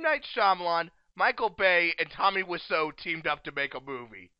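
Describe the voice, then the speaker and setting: An American man hosts a loose, jokey interview, riffing and laughing often. His voice sits a bit high and swings widely in pitch. The recording is dry and muffled, with a lo-fi edge. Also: lively intonation, moderate pace, smooth, no room sound. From United States. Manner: laughs often, riffs on jokes. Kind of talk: casual joking chat. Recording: dry, dull lo-fi sound.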